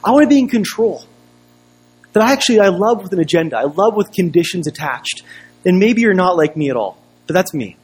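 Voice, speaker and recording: Husky conversational male pastor. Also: a little high. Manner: conversational, storytelling with rhetorical questions. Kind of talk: sermon.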